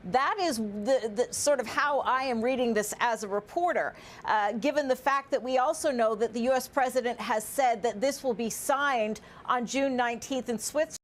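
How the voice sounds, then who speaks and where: A woman reporter analysing diplomatic news live in a measured, explanatory way, with some fillers and restarts. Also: fairly high pitch.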